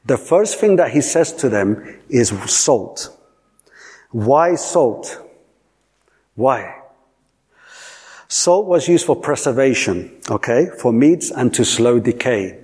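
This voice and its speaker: Emphatic preacher with a husky voice. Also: male voice, mid-range voice, animated, slow pace, long pauses, a little mellow. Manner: repetitive, emphatic, asks the audience questions. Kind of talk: sermon.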